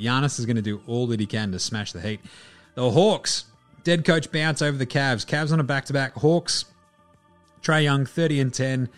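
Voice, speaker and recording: A man hosting a basketball show in casual solo commentary, loose and chatty, with the odd swear word. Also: medium pitch. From Australia. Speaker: basketball podcast host.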